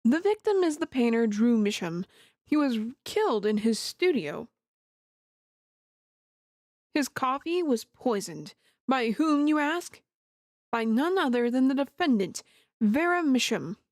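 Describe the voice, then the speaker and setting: A woman's voice: high voice, big pitch swings, a little slow, pauses often, darkish tone, dry recording, studio quality. A woman voicing a confident young male prosecutor with a smug, theatrical delivery.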